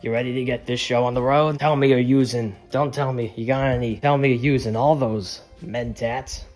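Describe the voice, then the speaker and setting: A man putting on a gravelly, ghoulish voice of a game character begging for drugs. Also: mid-range voice, fairly even intonation, normal speed, a little mellow, soft background music, natural voice. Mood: wheedling.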